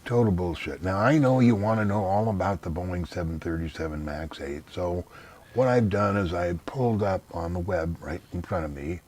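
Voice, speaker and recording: A man's voice: low-pitched, normal speed, darkish tone. A man being interviewed in casual conversation, blunt and dismissive, giving long rambling explanations. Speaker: interview guest.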